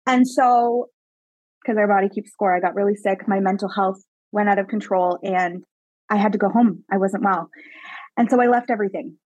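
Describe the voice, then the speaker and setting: Woman from Canada, podcast guest; emphatic, animated storyteller, mid pitch, close dry sound. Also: moderate pace, dry recording, poor audio. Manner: animated, emphatic, frequent "like" fillers. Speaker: guest, psychic medium mentor. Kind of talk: personal storytelling in a podcast interview.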